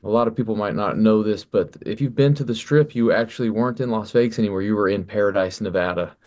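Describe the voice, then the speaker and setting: Musician guest, male, forties, lowish voice, thoughtful and halting, on-air interview. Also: a little mellow. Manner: reflective, stumbles and repeats words. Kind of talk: relaxed radio interview talk.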